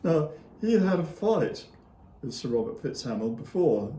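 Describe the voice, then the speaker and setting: With a slightly high, mellow voice that swings widely in pitch, a male author guesting on an interview tells history as loose anecdotes at normal speed, with many fillers and little chuckles. There's an echoey room and slight background noise.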